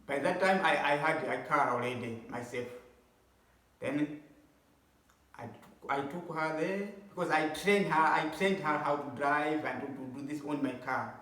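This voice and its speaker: A man's voice: on the high side, steady tone, measured pace, fairly bright tone, distant mic. Preachy middle-aged man in an echoey room. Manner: preachy, repeats himself for emphasis. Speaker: advice vlogger. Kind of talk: casual advice monologue. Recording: echoey room, voice away from mic.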